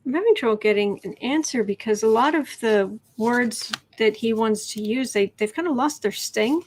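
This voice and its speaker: Chatty woman reading tarot, rather high voice. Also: normal speed, slight background noise. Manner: chatty, rambling, drops to whispered asides. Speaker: tarot reader. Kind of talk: casual livestream tarot reading.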